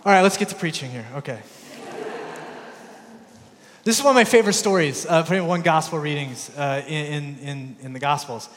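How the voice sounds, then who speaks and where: A man's voice: a little high, moderate pace, pauses often, fairly bright tone, a little hiss or hum. A male pastor preaching a sermon in a conversational, storytelling way, often restarting his words. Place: church. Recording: echoey church sanctuary.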